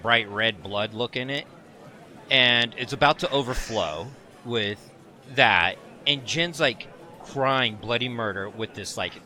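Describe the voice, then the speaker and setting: A man co-hosting a podcast, telling a story in a casual, animated way and laughing often. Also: medium pitch. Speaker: podcast co-host.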